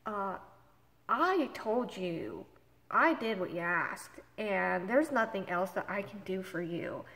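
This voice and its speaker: A woman voicing a tired, rude female phone agent who talks in a slow, dismissive drawl, recorded in a room with long reverb. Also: mid-range voice, animated, a bit bright.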